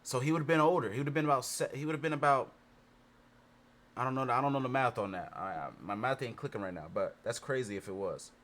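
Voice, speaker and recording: A man with a mid-pitched voice talks casually, rambling and repeating himself while he thinks things through aloud. He swears often, in a loose conversational way. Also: fast talker, fairly bright tone. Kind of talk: casual chat.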